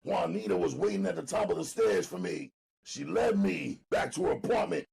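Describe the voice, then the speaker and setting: A man narrating an audiobook dramatically, loud and emphatic, often near shouting. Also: on the high side, big pitch swings, moderate pace, vocal fry, crowd noise.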